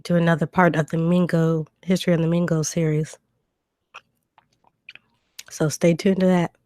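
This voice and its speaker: A woman with a fairly low voice hosts a casual livestream from home, reading viewer questions aloud and answering them. She talks loosely with ums and restarts, a cough drop in her mouth. Her new desk mic gives a close, dry sound. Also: little pitch movement, normal speed, darkish tone, no room sound. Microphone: new desk microphone.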